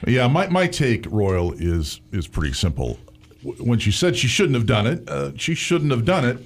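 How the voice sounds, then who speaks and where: A male talk radio co-host who argues emphatically. His pitch rises and falls in a lively way. He sounds firmly opinionated. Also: moderate pace.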